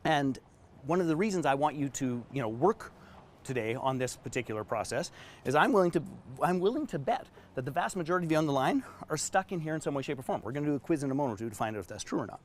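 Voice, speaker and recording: A man giving an online business training session in an emphatic, animated way while drawing diagrams. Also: fairly high pitch, quick pace. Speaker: business coach.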